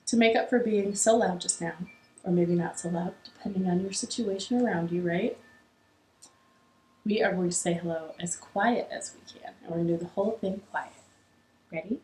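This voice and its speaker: A woman's voice: medium pitch, lively intonation, normal speed, long pauses, roomy sound, poor audio. A young woman hosting a children's library storytime from her living room, cheerful and encouraging, leading songs and games. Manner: cheerful, encouraging, sing-song.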